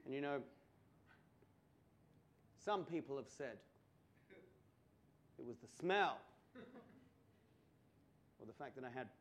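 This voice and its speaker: An Australian man doing stand-up storytelling, swearing, stammering through restarts and building to loud punchlines. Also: mid-range voice, animated, slow pace, long pauses. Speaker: stand-up comedian. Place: comedy club stage before a laughing audience.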